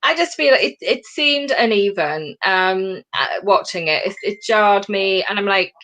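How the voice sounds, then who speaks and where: A woman co-hosting a comedy podcast over a video call, chatting animatedly and slipping into quick impressions. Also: mid-range voice, expressive, fairly bright tone. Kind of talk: casual chat.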